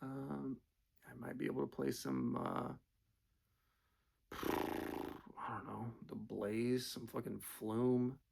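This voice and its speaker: A man's voice: mid-range voice, level tone, slow pace, vocal fry, long pauses, a little mellow. A man telling casual, profane, rambling stories, full of fillers. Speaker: storyteller. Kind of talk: casual storytelling.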